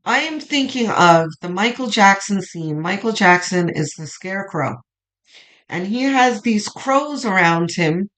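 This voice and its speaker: A tarot reader gives her weekly reading in an informal vlog, chatty and emphatic, swearing for emphasis and firing up her viewers with encouragement. Her mid-range voice is expressive, a bit bright and a little slow. The audio is poor.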